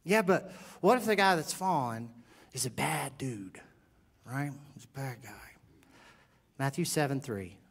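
A middle-aged man preaching a sermon as pastor, animated and joking, swinging from quiet asides to loud bursts. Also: medium pitch, a little slow, long pauses, slightly rough.

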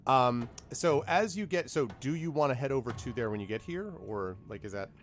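A man's voice: mid-range voice, lively intonation, brisk, faint music behind. A man narrating as game master in a tabletop game, hesitant with fillers.

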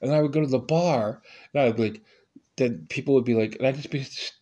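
A man hosting a podcast, telling a rambling comedic monologue with sudden high-pitched outbursts. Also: quick pace, warm tone, muffled recording. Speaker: podcast host.

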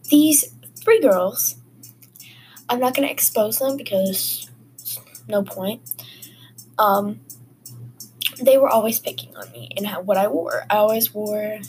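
A woman's voice: fairly high pitch, slight background noise, rough recording. A woman hosting a casual podcast, telling personal stories in a rambling, chatty way full of fillers. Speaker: podcast host. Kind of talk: casual storytelling.

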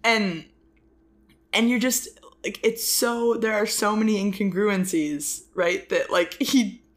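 A woman co-hosting a casual film discussion podcast, talking in rambling bursts full of likes and restarts. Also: medium pitch. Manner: rambling, many fillers and restarts, quick bursts. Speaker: podcast co-host.

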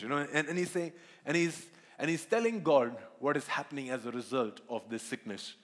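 Earnest preacher in a reverberant church. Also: male voice, medium pitch, fairly quick. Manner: earnest, repeats words, asks congregation questions. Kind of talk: sermon. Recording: long hall reverb.

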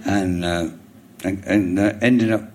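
A middle-aged man with a London accent, a comedian guest telling a rambling anecdote on stage before a live audience, with halting restarts, chuckling as he goes. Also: deep voice, fairly even intonation, darkish tone, slight background noise. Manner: rambling storyteller, halting restarts, chuckles through his stories.

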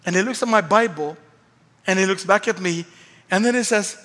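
A Swedish-accented male pastor tells a lively, self-mocking story from the pulpit. His voice sits high and bright. The sound carries the long reverb of a large church hall. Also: moderate pace. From Sweden. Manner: animated, self-mocking humor, acts out voices. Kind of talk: storytelling sermon.

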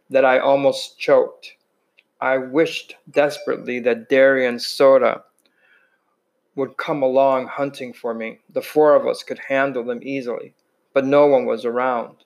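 A man reading a novel aloud in a mid-pitched voice. His reading is plain and unpolished, with the occasional restart or stumble over a phrase. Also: rough recording. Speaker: reader.

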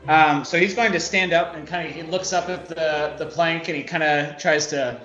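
A man playing a tabletop game, describing his character's moves in a relaxed way and laughing often. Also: fairly high pitch, moderate pace. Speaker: player. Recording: echoey lo-fi sound with faint music.

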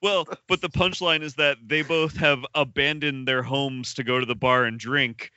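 A man's voice: medium pitch, fairly even intonation, moderate pace, pushed and bright, clean tone, dry recording, highs cut off. A man co-hosting a casual film podcast, rambling with lots of filler words and laughing at his own jokes. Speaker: podcast co-host.

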